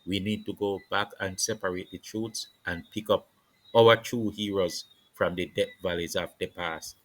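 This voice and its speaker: A man holds forth on politics in a preaching, declamatory style, stacking repeated phrases. His voice sits very low yet comes across forceful and bright-edged. The recording is dry and close, with no room sound. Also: steady tone, normal speed, no room sound, poor audio. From Jamaica. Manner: preaching, declamatory, repetitive cadences. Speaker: political commentator. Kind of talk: impassioned political monologue.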